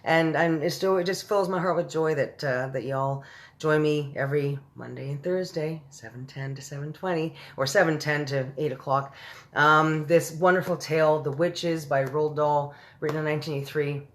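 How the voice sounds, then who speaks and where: Woman host, low voice, signing off a live stream, affectionate and chatty with her viewers. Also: fairly even intonation, normal speed. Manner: affectionate, chatty, calls viewers babe and honey.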